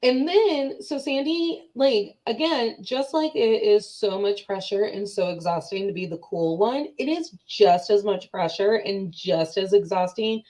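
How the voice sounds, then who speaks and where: A woman's voice: mid-range voice, unhurried, hardly any pauses, dark tone, low-quality recording. Chatty woman podcast co-host. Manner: chatty, storytelling, reflective. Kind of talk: casual chat.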